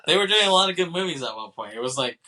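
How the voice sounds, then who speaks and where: A man's voice: fairly high pitch, expressive, very fast, bright, forceful tone, rough recording. A man co-hosting a film podcast, casually retelling scenes with lots of fillers, laughter and quoted lines. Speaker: podcast co-host.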